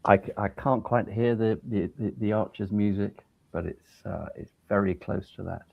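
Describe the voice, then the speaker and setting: An older man, a judge and guest, telling lively anecdotes in casual chat over a video call. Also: lowish voice, normal speed, gravelly, narrow, tinny audio.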